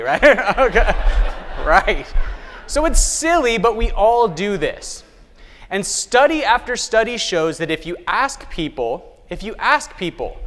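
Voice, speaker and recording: A man giving a conference keynote, telling stories lively, acting out the people he quotes and asking the audience questions. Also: sits high, measured pace. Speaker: keynote speaker. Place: large conference hall. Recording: long hall reverb.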